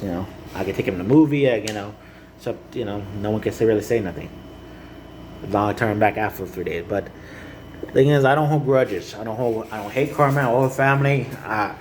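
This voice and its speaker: A man speaking earnestly to the camera in a rambling personal monologue, halting and repeating "you know" often. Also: lowish voice, a little mellow, a little hiss or hum, low-quality recording. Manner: earnest and heartfelt.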